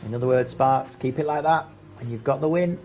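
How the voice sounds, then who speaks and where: A man giving casual live commentary on a sim racing event, chatty and excitable at close battles. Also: medium pitch, brisk, slight background noise. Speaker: race commentator.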